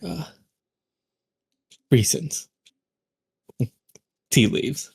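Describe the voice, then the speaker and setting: A man's voice: mid-range voice, slow pace, vocal fry, pauses often, mellow, breathy edge, no echo. A man role-playing as his character in a tabletop game, evasive and curt. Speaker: player.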